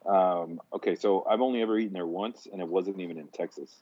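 A man's voice: low voice, fast, lo-fi sound. A man from New York, co-hosting a podcast in casual, joking chat. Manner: joking, animated storytelling. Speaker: podcast co-host.

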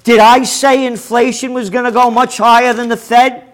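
A man hosting a forecasting show, delivering a combative, profane rant with loud bursts of shouting. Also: extremely high pitch, flat delivery, moderate pace. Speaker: host of a trend forecasting show. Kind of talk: ranting commentary.

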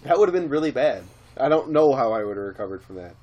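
Man, podcast co-host, casual chat, laughs a lot, chatty, mid-pitched. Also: animated, fast talker, a little mellow, highs cut off. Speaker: teacher.

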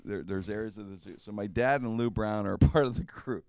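A man's voice: on the low side, a little fast, dry recording, studio quality. A man hosting a radio talk show, telling a story with lots of laughter and drawling "man". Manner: animated, laughing through his stories, drawls "man". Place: radio studio.

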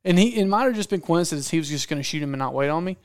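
A man's voice: fairly high pitch, expressive, very fast, clear, resonant tone, dry recording, clean studio sound. A man telling a hunting story in casual talk, acting out quotes and repeating phrases for effect. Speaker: podcast guest storyteller, hunting videographer.

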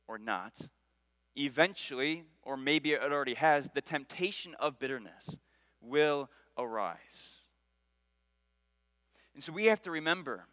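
An earnest man delivers a sermon in a bright, forward voice. He leans on repeated phrases and lifts his voice for prayers. The sound is dry and close. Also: on the high side, dry recording, rough recording. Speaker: pastor.

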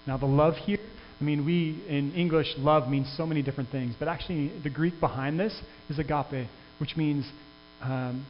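A man's voice: fairly high pitch, fairly even intonation, moderate pace. A man preaching a sermon as pastor, in an earnest, conversational way with frequent restarts. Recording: dull sound with long reverb and faint hum.

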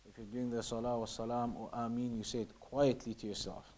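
A man's voice: mid-range voice, level tone, a little fast, darkish tone. A man teaching a religious lesson, reading passages and explaining them in English. He repeats his points often and sometimes drops to a near-whisper to show how something is said. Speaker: teacher of Islamic law.

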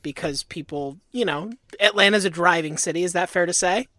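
A man's voice: high voice, brisk, sharp tone, no echo. A man co-hosting a podcast in casual chat, with a dry, teasing manner. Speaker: podcast co-host.

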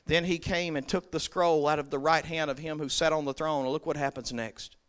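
A high-voiced man preaches a sermon, moving between hushed scripture reading and loud, ringing declarations. His tone is bright and smooth, with a clear, crisp sound. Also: fairly even intonation, fairly quick.

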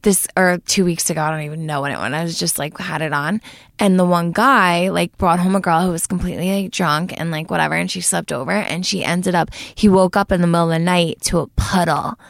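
Young woman podcasting, laughs a lot, gravelly fry, dry mic. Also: on the low side, fairly even intonation, brisk, no room sound. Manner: reactive, laughing, exclaims and swears. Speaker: podcast co-host. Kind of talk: casual chat.

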